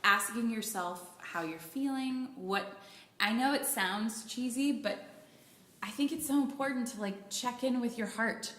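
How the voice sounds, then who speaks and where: A young woman co-hosting a podcast, chatting in a bubbly, gushing way with quick asides. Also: on the high side, a bit bright. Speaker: podcast co-host. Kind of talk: casual chat. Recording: roomy echo.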